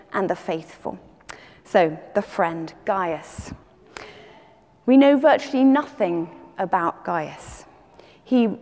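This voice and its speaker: Woman preaching a measured sermon, reverberant. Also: medium pitch. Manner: measured, gentle teaching delivery.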